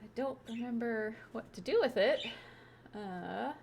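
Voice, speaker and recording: A woman's voice: fairly high pitch, measured pace, gravelly, background noise. A woman chatting casually on a live game stream through a wireless headset, bubbly and talkative, cooing now and then at her pet.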